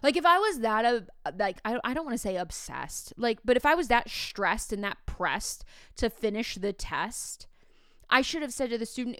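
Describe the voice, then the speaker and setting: A woman's voice: a little high, moderate pace, smooth, dry recording, studio quality. A woman in her thirties, a teacher hosting a podcast, telling a story in a casual way and acting out the dialogue with lots of fillers. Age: 30s. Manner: animated, acts out quoted dialogue, many fillers.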